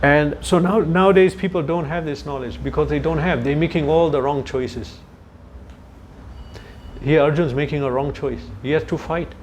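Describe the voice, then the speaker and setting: A man's voice: fairly high pitch, normal speed, darkish tone, slight background noise. A man giving a scripture lecture to a youth group in a chatty storytelling way, turning to his listeners with asides. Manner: searches for words mid-sentence. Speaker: spiritual lecturer.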